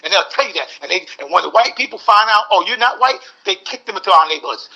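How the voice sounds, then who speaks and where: A man's voice: high voice, animated, fast talker, creaky, sharp tone, breathy edge. A man in his sixties arguing heatedly as a podcast guest, mimicking voices and repeating words. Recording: dull lo-fi audio.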